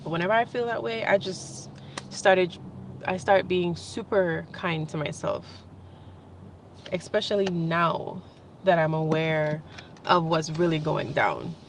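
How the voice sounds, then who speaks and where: Young woman vlogging, kinda low voice, rambly and emotional, laughs a lot, faint hum behind. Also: unhurried. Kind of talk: casual spiritual vlog monologue.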